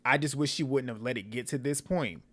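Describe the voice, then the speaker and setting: A man's voice: medium pitch, fairly quick. A man recapping a reality dating show in casual, blunt commentary, swearing and laughing often.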